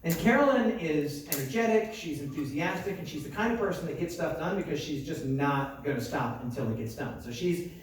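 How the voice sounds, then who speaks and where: Man, American accent, pastor, chatty storytelling sermon, self-mocking asides, fairly high voice, very echoey hall. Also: lively intonation, brisk, hardly any pauses, slight background noise. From United States. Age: young adult. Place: large conference hall. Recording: very echoey hall, mic far off.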